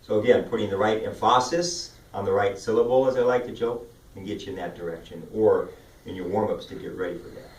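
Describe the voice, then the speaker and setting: A man coaching speech and debate students, upbeat and demonstrative as he walks through vocal warm-up drills. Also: on the low side, fairly quick. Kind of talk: instructional talk. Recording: roomy sound from a distant mic.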